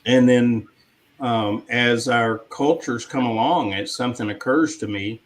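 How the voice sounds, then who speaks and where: Guy cohosting a talk show, slow and halting, lots of ums. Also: medium pitch, low-quality recording. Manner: halting, full of fillers. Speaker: co-host. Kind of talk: casual discussion.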